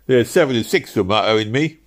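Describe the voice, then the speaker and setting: A man voicing a flustered cab driver who pleads and splutters loudly. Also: medium pitch, big pitch swings, moderate pace, vocal fry, voice pushed up. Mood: pleading. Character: flustered cockney cab driver, male, middle-aged.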